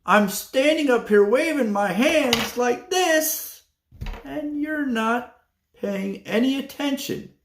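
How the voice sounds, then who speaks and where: An exasperated woman clerk shouts across a waiting room in a high, strained voice, as a man puts her on. Her calls have a gravelly rasp and echo around the room. She sounds fed up and impatient. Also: expressive, slow pace, a little hiss or hum, heavily acted. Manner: loud, exasperated, calling out.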